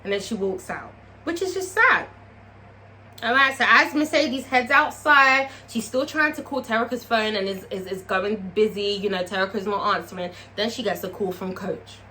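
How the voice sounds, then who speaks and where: Bright-voiced, animated woman recapping a show. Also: medium pitch, normal speed, slight background noise. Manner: profane, animated, talks straight to viewers. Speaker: TV review vlogger. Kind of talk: casual TV episode recap.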